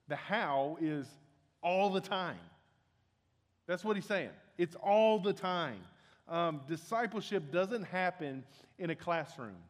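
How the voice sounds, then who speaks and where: A young man preaching a sermon as pastor, earnest and conversational, often restarting his sentences. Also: on the high side. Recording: long hall reverb.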